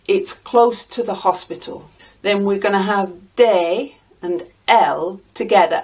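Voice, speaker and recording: An English woman teaching a Spanish lesson, repeating each word slowly and deliberately for practice. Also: mid-range voice, darkish tone, slightly rough, recorded from a distance. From England. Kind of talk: slow, deliberate language lesson.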